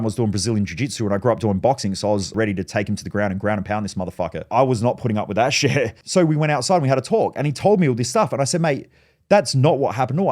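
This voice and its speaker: A man, a business coach, telling a story in a blunt, animated way with a lot of swearing. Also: medium pitch. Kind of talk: casual monologue, storytelling.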